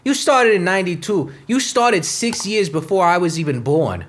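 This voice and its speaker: Young male podcast host, profane and sarcastic, a bit higher voice, rant-style news reading. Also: expressive, normal speed, a bit bright. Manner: profane, mocking, switches into goofy voices.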